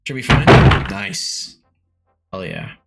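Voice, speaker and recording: Laid-back, lively-voiced male streamer. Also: medium pitch, slow, creaky. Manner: laid-back, swears freely, chuckles often. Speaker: game streamer. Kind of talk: casual stream chat, reading chat aloud. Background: faint lofi background music.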